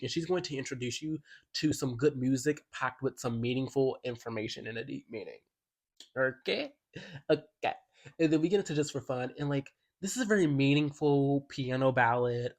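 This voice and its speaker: A music YouTuber with a medium-pitched, darkish voice gives a casual album review. He's chatty and enthusiastic and leans heavily on the word "like."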